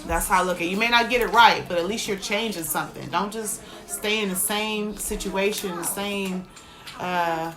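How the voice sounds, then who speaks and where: A woman's voice: mid-range voice, moderate pace, a crowd in the background. An American woman chatting casually on a live stream, giving motivational tips between frequent laughs.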